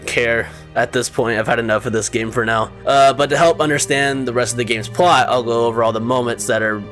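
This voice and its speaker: A man's voice: mid-range voice, fairly even intonation, fairly quick, a bit bright, soft background music. A man giving a casual, sarcastic recap of a video game's story. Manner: sarcastic, offhand. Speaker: video game recap host. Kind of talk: casual game recap commentary.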